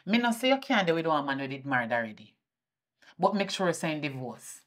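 A woman with a Jamaican accent playing a fierce mother who scolds her daughter, swinging between shouting and muttering. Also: deep voice, animated, a little fast. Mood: scolding. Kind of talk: indie film acting.

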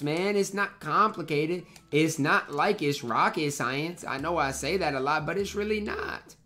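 A man's voice: fairly high pitch, measured pace, few pauses, bright, forceful tone. Slangy young man venting over gameplay. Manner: frustrated, trash-talking, slangy. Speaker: gaming YouTuber. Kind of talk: live gameplay commentary.

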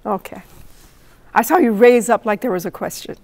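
A woman's voice: mid-range voice, moderate pace. A middle-aged woman from North Carolina, a poet giving a talk and telling a story to an audience, questioning them and acting out her own reactions. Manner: animated, asks the audience questions.

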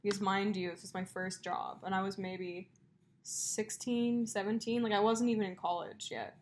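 A woman's voice: medium pitch, steady tone, moderate pace. A young woman co-hosting a podcast, telling long stories in a casual chat, with plenty of fillers. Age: young adult. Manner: chatty storyteller, many fillers and likes. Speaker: podcast co-host.

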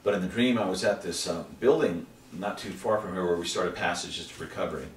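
Deep-voiced man telling dreams, roomy and distant. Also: a little fast. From Texas. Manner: animated, acts out dream scenes with sudden high exclamations. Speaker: interview guest. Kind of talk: personal storytelling in an interview. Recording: roomy, from away from the mic, faint background hiss.

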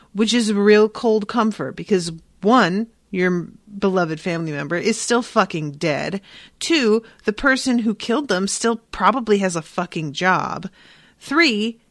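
A woman's voice: medium pitch, a bit bright, no echo. A woman hosting a book podcast, talking casually and frankly with swearing, and reading passages aloud. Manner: frank, profane, conversational with fillers. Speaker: podcast host.

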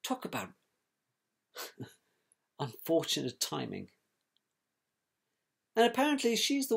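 A man's voice: fairly high pitch, big pitch swings, slow, gravelly, long pauses. A man recounting events about his brother, in a scornful, colloquial storytelling manner. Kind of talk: personal storytelling.

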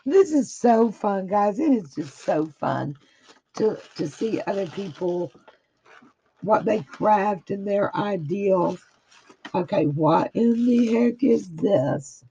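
Gushing woman unboxing crafts, gravelly voice. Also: medium pitch, expressive, slow pace, mellow, dull audio. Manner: gushing, exclamatory, addresses viewers as guys. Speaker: craft vlogger opening a swap package. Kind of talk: casual unboxing chat. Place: home craft desk.

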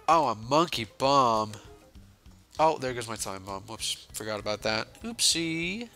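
A young man giving casual, joking commentary while playing a zombie video game, sarcastic and swinging between mumbled asides and sudden yells. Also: medium pitch, sing-song, slow, long pauses, soft background music. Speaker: gaming channel host.

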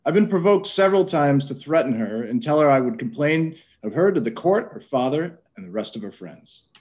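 A man's voice: on the high side, big pitch swings, brisk, darkish tone. A man reading as an aggrieved husband. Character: aggrieved husband complaining of his wife to court. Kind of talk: dramatic reading of court records. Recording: dull lo-fi sound.

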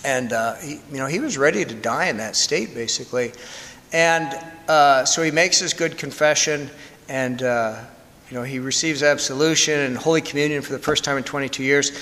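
A priest telling a story in a candid, conversational sermon with self-deprecating humor. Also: male voice, medium pitch, normal speed, bright, forceful tone. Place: church. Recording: long church reverb.

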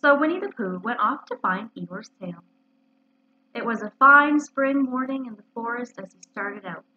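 Expressive woman reading a children's story. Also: fairly high pitch, moderate pace. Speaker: librarian reading aloud. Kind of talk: children's story read-aloud. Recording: muffled lo-fi recording.

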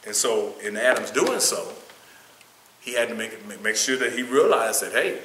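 A man's voice: lowish voice, animated, normal speed, bright, forceful tone, echoey room, slight background noise, low-quality recording. A man teaching a church Bible study, reading passages aloud and then explaining in his own words with restarts. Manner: reads from notes, then speaks off the cuff with restarts. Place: church room.

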